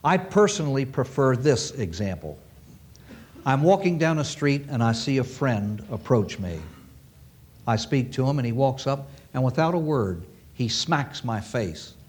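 Male preacher, emphatic sermon voice, a bit raspy, repeats lines for effect. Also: very animated, a little slow, a little mellow. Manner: emphatic, repeats key phrases, sweeping pitch swings. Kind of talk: sermon to a live audience.

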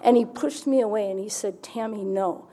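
A woman's voice: mid-range voice, a little fast, warm tone. A woman giving a candid personal testimony at a recovery meeting, telling her story vividly with wry humor.

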